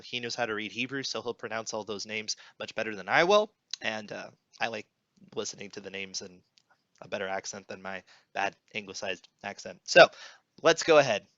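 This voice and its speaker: A man's voice: mid-range voice, no echo, dull audio. A young man co-hosting a Bible podcast, chatting casually and then reading scripture aloud at an easy pace. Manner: relaxed, friendly, reads scripture aloud with pauses. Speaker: podcast co-host.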